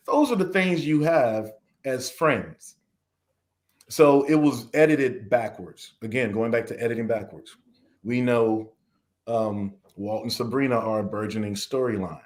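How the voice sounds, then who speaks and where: A man's voice: medium pitch, unhurried. Long-winded frustrated Southern man. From American South. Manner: frustrated, long-winded, acts out quoted questions. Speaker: interview guest. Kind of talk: podcast interview.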